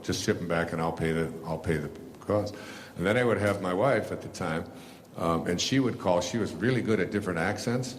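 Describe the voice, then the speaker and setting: A man's voice: low voice, slight background noise. An older man telling a rambling personal story to a live audience, full of fillers and restarts, laughing at himself. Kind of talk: casual storytelling talk.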